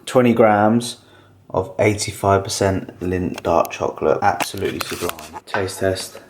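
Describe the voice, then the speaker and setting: A man's voice: low-pitched, measured pace, noisy background. Sweary young man in an echoey kitchen. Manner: blunt, sweary, chatty. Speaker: bodybuilder vlogger. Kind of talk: casual chat to camera. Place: home kitchen, indoors. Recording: echoey room.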